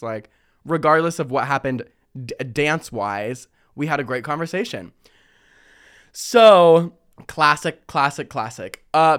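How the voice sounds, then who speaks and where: A young adult man hosting a casual storytelling vlog, animated and often laughing as he quotes himself in higher voices. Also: smooth.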